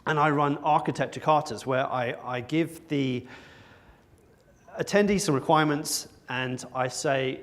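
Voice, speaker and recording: A man with a fairly high, slightly bright voice speaks at a measured pace. He's on a conference stage giving a talk to an audience, wry and poking fun at himself with self-mocking jokes.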